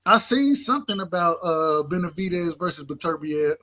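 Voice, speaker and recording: Guy with a high voice, sports talk panel, dry close mic, keeps saying hold on. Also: animated, normal speed, pushed and bright, no echo. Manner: interrupts, repeats "hold on". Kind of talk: casual sports debate.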